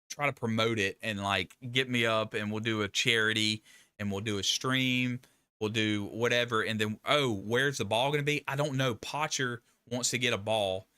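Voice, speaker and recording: A man's voice: on the low side, sharp tone, clear, resonant tone, dry recording. Rambling man on a live stream. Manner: rambling, emphatic, with frequent restarts and laughs. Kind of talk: casual live stream chat.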